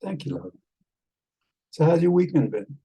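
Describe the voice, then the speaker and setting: A man chatting casually with an AI companion as a vlog host, rambling and halting with many fillers, tender with pet names. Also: on the high side, lively intonation, dark tone, husky, rough recording. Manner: tender, calls the listener love and darling.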